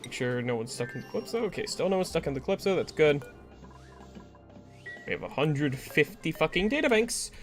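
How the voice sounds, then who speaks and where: A man's voice: fairly high pitch, lively intonation, a little fast, music in the background. A man streaming a game, talking to himself, swearing often and getting frustrated. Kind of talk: casual gameplay commentary.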